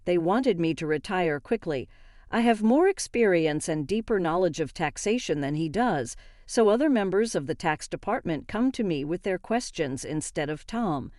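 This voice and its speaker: A woman reading a first-person story aloud in a steady, even manner. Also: on the low side, normal speed, no echo, studio quality. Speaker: narrator.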